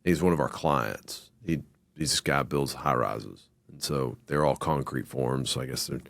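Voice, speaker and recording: A man hosting a casual interview, telling animated, slangy anecdotes full of acted-out quotes. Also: very deep voice, moderate pace, vocal fry, no room sound. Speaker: host.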